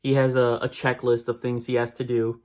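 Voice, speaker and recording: A man's voice: mid-range voice, monotone, fairly quick, a little mellow. A man casually recapping a comic book issue, rambling with fillers and small laughs.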